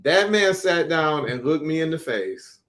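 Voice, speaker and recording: A man's voice: fairly high pitch, lively intonation, unhurried. A middle-aged man moderating a panel discussion, telling a personal story and acting out the voices of the people in it. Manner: warm storyteller, acts out quoted voices.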